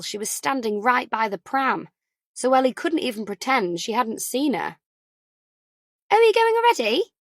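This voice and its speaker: Calm woman reading an audiobook. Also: a little high, dry recording, clean studio sound. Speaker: audiobook narrator. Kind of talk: quiet scripted audiobook narration.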